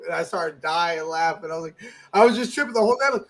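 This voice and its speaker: A man hosting a casual fan podcast, telling stories excitedly with lots of filler words and swearing. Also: fairly high pitch, fast. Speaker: podcast host.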